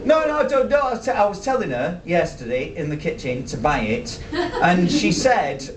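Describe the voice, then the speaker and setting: A man in his thirties playing a nerdy, petulant male sci-fi fan with a Yorkshire accent, shouting and stammering his way through live character stand-up. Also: big pitch swings, moderate pace, far from the mic. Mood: ranting. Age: 30s. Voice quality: high, shouty, stammering and indignant. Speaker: comedy character performer. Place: small theatre stage with a live audience. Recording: roomy live venue from afar, audience.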